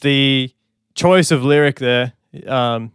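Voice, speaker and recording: A man's voice: mid-range voice, slow, a bit bright, clean tone, dry recording, studio quality. A man, a songwriter, giving casual, enthusiastic commentary on an album and scatting melodies as he talks. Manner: enthusiastic, chatty, hums and scats melodies. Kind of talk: casual music reaction commentary.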